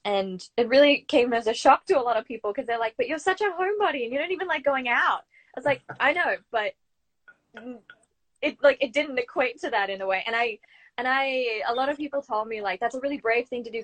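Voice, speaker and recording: A young Australian woman, an actor, telling her story in a chatty, animated way as an interview guest. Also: a little high. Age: young adult. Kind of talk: casual interview chat.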